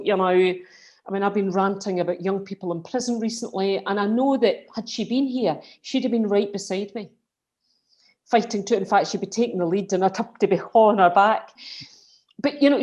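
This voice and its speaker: A woman's voice: medium pitch, darkish tone. Scottish woman on a video call, talks with real passion, keeps restarting her sentences. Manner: passionate, emphatic, quick restarts. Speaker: guest speaker, colleague. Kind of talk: casual remembrance conversation.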